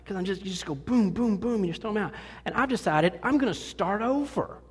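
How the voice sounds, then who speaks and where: A middle-aged pastor with a high, husky, expressive voice preaches a little fast in a church sanctuary. His conversational sermon is folksy and self-deprecating, and he often restarts his sentences. The recording has a long hall reverb.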